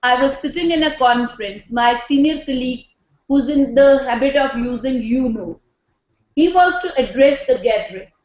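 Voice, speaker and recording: A woman with an Indian English accent giving a lecture on classroom communication, speaking slowly and deliberately and slipping Hindi phrases into her English. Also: high-pitched, a little mellow, echoey room, low-quality recording. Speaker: teacher trainer.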